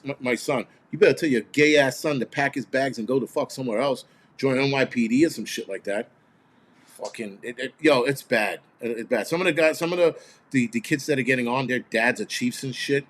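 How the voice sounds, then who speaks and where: A man hosting his own channel, talking in a blunt, heated, profanity-laden rant straight to his viewers. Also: medium pitch. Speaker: host of a prepper channel. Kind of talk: casual ranting video monologue.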